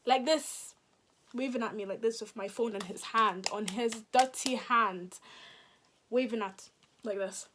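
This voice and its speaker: A woman's voice: a little high, unhurried, a little hiss or hum. A woman, telling a casual storytime, acting out quotes and dropping into whispers. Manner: animated, acts out quotes, drops into whispers. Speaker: vlogger.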